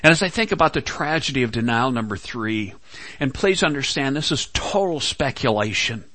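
A man preaching a sermon, slow and dramatic, acting out quoted lines. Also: mid-range voice, animated, sharp tone, no room sound. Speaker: pastor.

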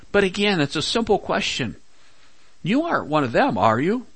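A man preaching a sermon, slow and dramatic, acting out quoted lines. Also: mid-range voice, sharp tone, dry recording. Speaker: pastor.

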